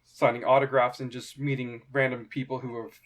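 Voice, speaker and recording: A man's voice: mid-range voice, flat delivery. Young man narrating as game master. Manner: halting, lots of fillers and restarts.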